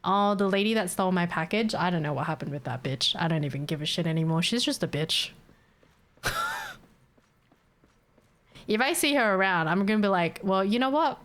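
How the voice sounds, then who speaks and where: A woman's voice: lowish voice, lively intonation, moderate pace, pauses often, fairly bright tone, slight background noise. A young adult woman, ranting bluntly and swearing freely as she chats casually on a livestream. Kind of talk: casual stream chat.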